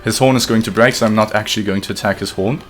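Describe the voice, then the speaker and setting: A young man commentating his own gameplay live, excitable and profane, talking to his chat as he plays. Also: lowish voice, rapid-fire, soft background music. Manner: excitable, profane, talks to chat while playing. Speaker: streamer.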